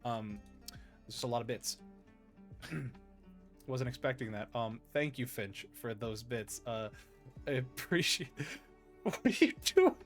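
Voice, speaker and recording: Animated laughing male podcast host. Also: medium pitch, a little slow, pauses often, faint music behind. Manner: animated, excitable, laughs often. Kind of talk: casual interview chat.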